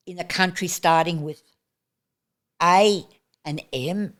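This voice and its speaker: A woman's voice: on the low side, slow pace, pauses often. An older woman, a resident of an aged care home, frankly telling a personal story in casual chat.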